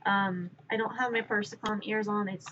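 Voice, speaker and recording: A woman streamer chatting casually with viewers while she crafts, rambling and distracted, sometimes muttering softly to herself. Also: medium pitch, steady tone, normal speed, noisy background. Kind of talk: casual live-stream chat. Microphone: wearing headphones. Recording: dull lo-fi stream audio.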